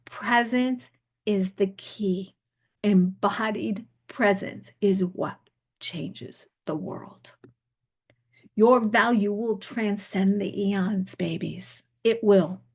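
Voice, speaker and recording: A woman preaching a spiritual sermon in a slow, meditative, incantatory way, repeating phrases and often sinking to a soft near-whisper. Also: mid-range voice, slightly rough. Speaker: pastor.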